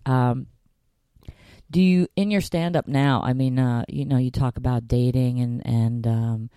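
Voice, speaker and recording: A man's voice: medium pitch, steady tone, a little slow, mellow, clean tone, no room sound, studio quality. A male comedian hosting a casual chat, talking animatedly with many stammering restarts and bursting into playful voices. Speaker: podcast host and comedian.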